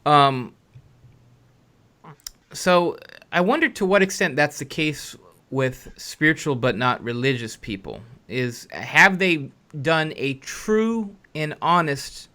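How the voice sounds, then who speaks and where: Earnest, bright-voiced podcast host man. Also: medium pitch, lively intonation. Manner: earnest, halting with restarts and fillers. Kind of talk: casual chat and reading listener questions.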